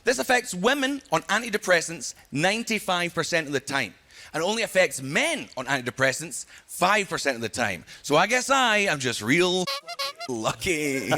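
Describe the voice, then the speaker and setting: A Scottish man performing a stand-up comedy set, telling stories with sudden loud punchlines. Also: high voice. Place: stage before a live audience. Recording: live show with audience laughter and noise.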